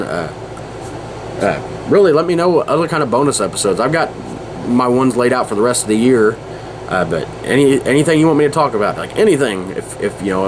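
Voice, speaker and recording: A man hosting a podcast, talking in a casual, rambling, self-deprecating way with many restarts. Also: on the low side. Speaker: podcast host. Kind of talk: casual monologue. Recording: steady background noise.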